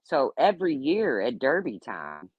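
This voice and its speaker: A woman's voice: rumbling low, huge pitch swings, a little slow, husky, no room sound, dull audio. A middle-aged woman telling candid stories in a casual way, swearing freely and acting out what people said. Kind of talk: casual storytelling.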